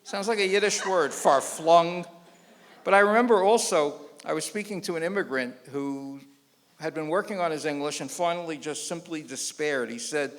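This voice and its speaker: A rabbi lecturing to an audience in a hall talks at a moderate pace in a fairly high-pitched voice, and the recording carries long reverb. His jokes are lively, and he performs the voices of the characters he quotes.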